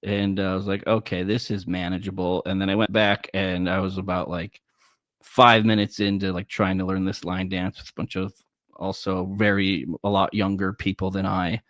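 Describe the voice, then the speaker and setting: A man co-hosting a podcast, joking in a wry, deadpan way with hesitant fillers. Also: low voice, normal speed, no room sound, studio quality. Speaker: podcast co-host. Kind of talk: casual podcast chat.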